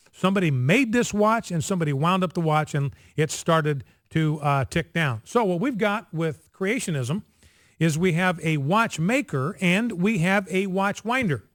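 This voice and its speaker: A man talking on the radio in an emphatic, insistent way, repeating his key points again and again. His voice sits high and swings widely in pitch. The studio sound is dry and close. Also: fairly bright tone, no room sound. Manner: emphatic, repetitive, insistent, drills points by repetition. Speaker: radio host. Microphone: studio microphone.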